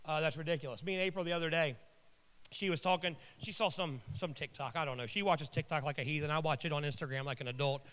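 A man preaches with a high, bright and forceful voice, talking to his listeners like friends and dropping in wry jokes. His words ring out with a long reverb tail, as if filling a large hall. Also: fast talker, clean tone. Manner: conversational, joking asides. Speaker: pastor. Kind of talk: sermon with casual storytelling.

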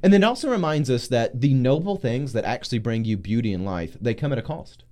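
A pastor talking through scripture in a casual discussion, acting out biblical figures with loud, slow emphasis. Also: male voice, mid-range voice. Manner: animated, acts out voices of biblical figures loudly and slowly. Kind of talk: preaching in a casual group discussion.

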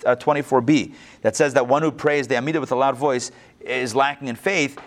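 Animated man teaching a text class. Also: fairly high pitch. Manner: conversational, animated, with restarts and asides. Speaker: Torah teacher.

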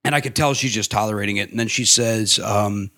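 A man hosting a podcast, telling comedic stories in casual chat with an animated manner. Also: on the low side, fairly quick. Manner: animated, swings into exaggerated voices for quotes. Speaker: podcast host.

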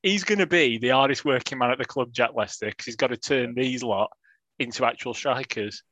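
A man's voice: mid-range voice, brisk, a bit bright, no room sound. A man co-hosting a casual football podcast, talking in dry, wry dialect banter. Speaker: podcast co-host.

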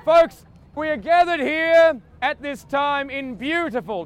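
A man with a strikingly high voice and an Australian accent works a crowd on a busy street outdoors. He plays a pompous, absurd tour guide, calling out to passers-by in grand, theatrical patter. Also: takes it slowly. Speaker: comedian leading a mock street tour. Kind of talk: improvised street comedy.

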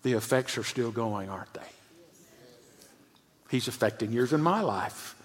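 A male pastor preaching a sermon with emphasis, often dropping to a hushed, low voice. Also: lively intonation, measured pace. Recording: long church-hall reverb.

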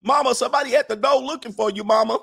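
A man's voice: very high-pitched, rapid-fire, creaky, a bit bright, faint music behind, voice pushed up, exaggerated voice. A man voicing a whiny grown man who acts like a little boy tattling to his mother.

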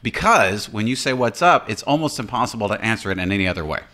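A man's voice: on the low side, animated, quick pace, pushed and bright. A man, co-hosting a casual talk show and rambling in a jokey, self-deprecating way. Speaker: podcast co-host. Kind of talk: casual chat.

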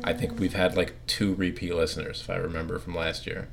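A man's voice: low-pitched, little pitch movement, a little fast, creaky. A man co-hosting a podcast in casual banter, joking and self-deprecating. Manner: joking, self-deprecating, mimics voices in anecdotes. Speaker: podcast co-host.

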